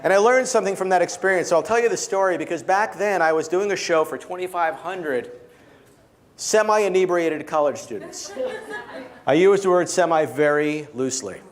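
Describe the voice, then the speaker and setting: A man's voice: high voice, expressive, normal speed, a little hiss or hum. A man giving a keynote talk with magic to a small gathering, telling stories playfully and leading the audience through participation.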